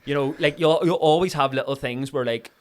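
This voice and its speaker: A young man in his twenties, an actor guest in a casual podcast chat, telling animated stories and swearing now and then. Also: on the high side, fairly quick. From Ireland. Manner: animated storyteller, swearing, acts out voices.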